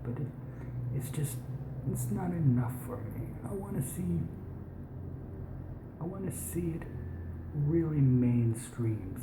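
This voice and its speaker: Faking a posh British accent over his American one, this young adult hosts a science show at a medium pitch. He rambles casually, restarts often, stretches words slowly and drops into whispers now and then, all in an echoey room with noise behind him.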